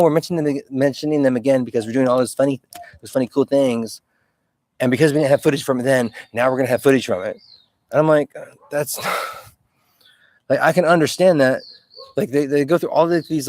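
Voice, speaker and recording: A man with a middle-pitched voice talks into his own video diary. He rambles and sounds agitated, swearing freely and voicing his own thoughts as quotes. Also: a little mellow, dry recording. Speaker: video journal keeper.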